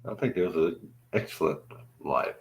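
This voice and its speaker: A man's voice: sits low, lively intonation, moderate pace, gravelly. A middle-aged man co-hosting a livestream, cracking jokes and muttering asides in casual chat. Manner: joking, mumbling asides. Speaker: livestream co-host. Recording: dull lo-fi sound.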